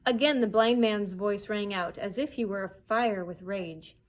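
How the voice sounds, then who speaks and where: A woman reads a children's chapter book aloud at story time in an expressive, steady voice. Her pitch sits in the middle range for a woman. She narrates with lively emphasis and stops here and there to point out pictures. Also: moderate pace, few pauses, poor audio. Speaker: children's librarian. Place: public library.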